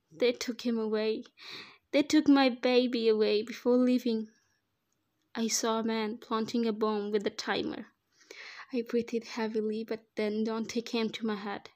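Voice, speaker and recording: A woman with a somewhat high voice narrates a first-person fan fiction story aloud, reading slowly and evenly like a storyteller.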